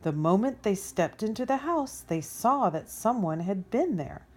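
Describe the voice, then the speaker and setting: A woman reading a children's story aloud as storyteller in an expressive way. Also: mid-range voice, unhurried.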